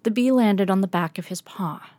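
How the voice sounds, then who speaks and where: A woman reading a storybook aloud, with soft, breathy asides. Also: mid-range voice, moderate pace, dry recording.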